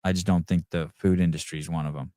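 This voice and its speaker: Low-pitched and warm, this middle-aged man talks fast with little pitch movement as he hosts a podcast. He rambles crudely and profanely through an off-the-cuff livestream, reading chat comments aloud, recorded dry with clean studio sound.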